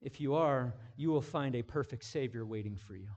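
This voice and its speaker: A male pastor preaching a sermon, moving between hushed, intimate passages and loud, emphatic declarations, repeating phrases for emphasis. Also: mid-range voice, normal speed, lo-fi sound.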